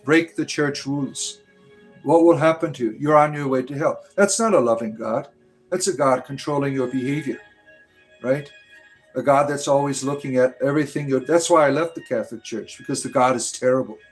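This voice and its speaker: A man's voice: medium pitch, moderate pace, faint music behind. Rambling American man hosting a livestream. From United States. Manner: rambling, tags lines with "right?". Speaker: livestream host reading chat. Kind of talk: casual livestream chat.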